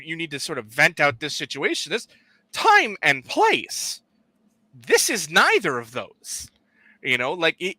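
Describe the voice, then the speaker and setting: A man talks fast and emphatically on a podcast, rambling through restarts. His voice sits high and swings widely, with a very bright edge. The sound is dry and close. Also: no room sound. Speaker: podcast co-host. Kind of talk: casual wrestling chat.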